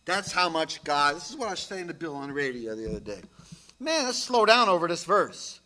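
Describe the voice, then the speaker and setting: Pastor guy preaching slow, high bright voice, gets loud then whispery. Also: big pitch swings. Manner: emphatic preaching with dramatic drops to near whispers. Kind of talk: sermon.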